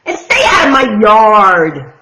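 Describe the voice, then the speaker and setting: A woman doing a grumpy yelling cactus. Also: fairly high pitch, expressive, slow, noisy background, pitched above the performer's own voice. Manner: gruff, yelling and snapping. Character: grumpy prickly male cactus who wants to be alone. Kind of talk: picture book read-aloud.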